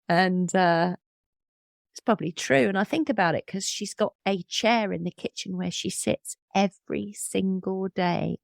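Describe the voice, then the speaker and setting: A woman in her fifties, a podcast host and medium, telling personal stories in a candid, thoughtful way with soft laughs. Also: medium pitch, gravelly, no room sound, studio quality. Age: 50s. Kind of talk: reflective interview conversation.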